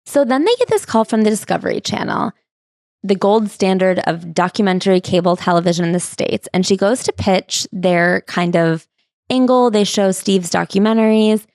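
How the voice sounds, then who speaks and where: A woman's voice: mid-range voice, moderate pace, dry recording, clean studio sound. A woman co-hosting a podcast, retelling a memoir in casual chat and acting out the quotes. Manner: animated storyteller, acts out quotes. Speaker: podcast co-host.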